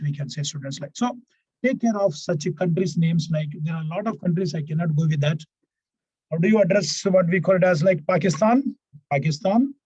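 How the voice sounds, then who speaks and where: A man teaching a grammar class online, repeating himself often and filling pauses with "right, right". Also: on the high side, darkish tone, husky, dry recording, highs cut off. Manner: repetitive, fills pauses with "what we call it as" and "right, right". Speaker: English teacher.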